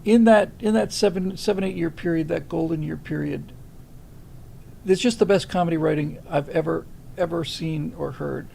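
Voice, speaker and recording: A man's voice: fairly high pitch, moderate pace, creaky, warm tone, a little hiss or hum, poor audio. A man hosting a livestream, chatting casually and telling rambling anecdotes. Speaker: host.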